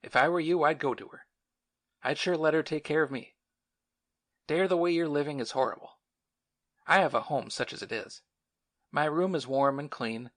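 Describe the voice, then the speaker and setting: A man's voice: a little high, a bit bright. A man voicing a frail, earnest young male war veteran who talks in an urgent, pleading way.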